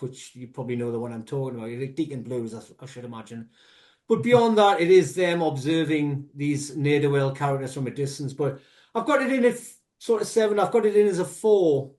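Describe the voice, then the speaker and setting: A man co-hosting a relaxed music podcast, talking in a voice that sits a little on the high side. He explains his views at length with plenty of asides, drifting from one tangent to the next. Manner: rambling, animated explanations with asides. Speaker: podcast co-host. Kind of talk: casual music review chat.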